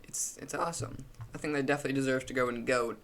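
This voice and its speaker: A man's voice: medium pitch, fairly even intonation, fast talker, fairly bright tone. A young man giving a casual, opinionated commentary while ranking logos, rambling with frequent restarts and fillers.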